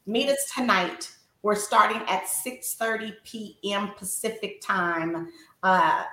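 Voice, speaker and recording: A woman co-hosting a faith-based coaching talk, speaking earnestly and encouragingly with many pauses. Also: medium pitch, a bit bright, echoey room. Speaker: wife coach and show co-host.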